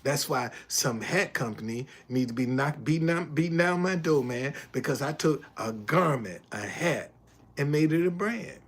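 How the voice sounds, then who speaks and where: At normal speed and with a slightly rough edge, an older male streamer recounts a run-in, cursing constantly and hammering points through repetition. The casual broadcast shifts from his loud, animated storytelling to a lower voice as he reads viewer comments.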